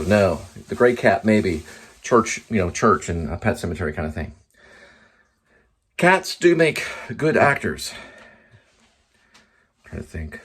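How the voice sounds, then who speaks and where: A man's voice: sits low, slightly rough. A man rambling casually in a vlog, trailing off and talking to his cat as he goes. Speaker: vlogger.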